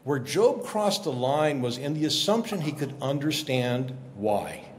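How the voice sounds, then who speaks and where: A man, a guest journalist, explaining scripture in a lively conversational way, acting out quotes as he tells the story. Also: mid-range voice, unhurried, slight background noise. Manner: animated storyteller, acts out quotes. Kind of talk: conversational Bible teaching.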